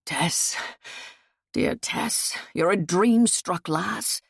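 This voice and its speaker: Woman doing a hushed, reluctant grown man. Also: fairly low pitch, expressive, drawn-out words, creaky, breathy edge, dry recording, studio quality, full character voice. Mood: tender. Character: grown man, tender yet stern and reluctant.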